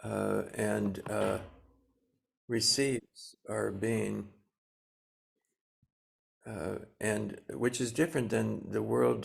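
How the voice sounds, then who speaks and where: A man in his seventies, a Zen teacher giving a dharma talk, speaking slowly and gently with many pauses and fillers. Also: fairly low pitch, gravelly. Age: 70s.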